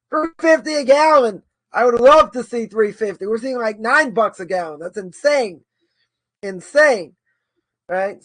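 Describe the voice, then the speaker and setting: A man's voice: extremely high pitch, dry recording. A man teaching a religious law course, thinking aloud and arguing both sides of a question with many repetitions. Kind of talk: informal lecture answering a question.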